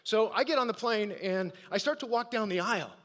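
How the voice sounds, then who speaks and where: A man with a notably high voice gives a live motivational talk. He tells personal stories and throws questions out to his audience. He sounds middle-aged and practiced at speaking from a stage. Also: brisk, fairly bright tone. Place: event stage.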